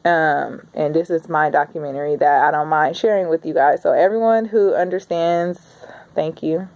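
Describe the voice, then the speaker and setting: A woman's voice: low voice, steady tone, normal speed, a little mellow. A woman in her thirties talking in a casual, rambling video diary, chatty and heartfelt. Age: 30s. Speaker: vlogger.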